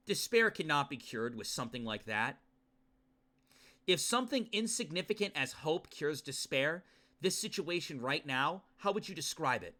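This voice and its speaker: A man voicing a cold male game villain who preaches about despair in slow, brooding speeches. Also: fairly high pitch, pushed and bright, exaggerated voice.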